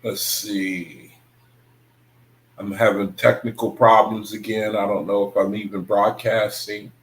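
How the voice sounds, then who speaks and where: A man hosting an online scripture study livestream, reading passages aloud slowly, rereading lines and chatting informally with viewers. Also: fairly low pitch, poor audio. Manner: relaxed, informal talk with the audience. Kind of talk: casual livestream reading and commentary.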